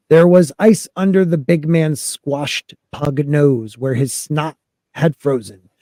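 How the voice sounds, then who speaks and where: A man's voice: fairly high pitch, fairly even intonation, slow, warm tone, no echo. A man hosting a podcast, reading a fantasy book aloud and joking with his co-hosts. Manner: reads narration then jokes with panel. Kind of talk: casual reading and discussion.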